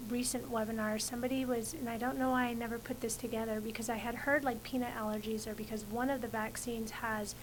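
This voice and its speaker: Higher-voiced woman hosting an interview. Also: level tone, fast, few pauses, a little hiss or hum, poor audio. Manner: encouraging listener with short responses. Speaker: host.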